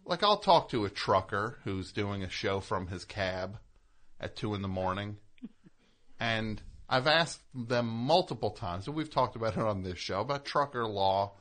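A man's voice: fairly low pitch, expressive, unhurried, fairly bright tone. A man hosting a radio show, chatting casually in a jokey, rambling way. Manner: rambling, jokey, breaks into laughter and silly voices. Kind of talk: casual comedic radio chat. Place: radio studio.

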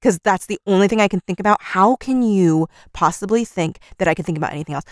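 A young woman co-hosting a casual book podcast, lively, acting out characters in quick put-on voices and laughing often. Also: mid-range voice, no echo, studio quality. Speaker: podcast co-host. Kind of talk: casual book-club chat.

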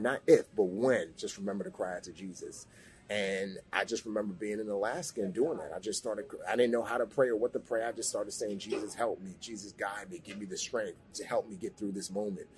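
A man with a fairly low voice tells his story with earnest intensity. He speaks as a guest in a relaxed interview, his voice climbing when the feeling runs high. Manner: earnest storytelling, rises sharply when emotional. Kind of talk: personal testimony in a podcast interview.

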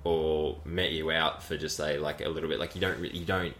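A man's voice: very deep voice, fairly even intonation, fairly quick, fairly bright tone, reverberant. A man hosting a podcast in casual chat, rambling with lots of "like" and frequent laughter. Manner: rambling, heavy use of "like", laughs often. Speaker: podcast host.

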